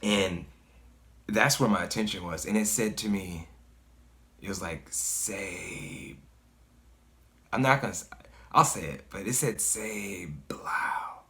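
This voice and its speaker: A man's voice: lowish voice, normal speed, pauses often, sharp tone. A man casually telling a personal story in a loose, conversational way, full of fillers and swearing. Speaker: guest storyteller.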